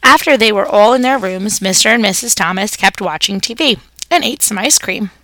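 A woman's voice: mid-range voice, normal speed, bright, forceful tone, no echo. A woman reading a children's story aloud, narrating expressively as a pet hamster.

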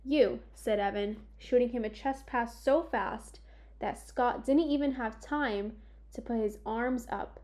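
A woman reads a children's sports story aloud as its narrator. Her voice sits fairly high, and she takes the lines slowly and deliberately. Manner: measured, expressive storytelling. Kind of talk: audiobook narration.

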